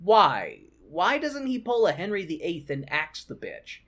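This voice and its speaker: A man in his thirties rants through a movie recap on a podcast. His delivery is animated and full of profanity, with pitch that swings widely. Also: measured pace. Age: 30s. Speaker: podcast co-host.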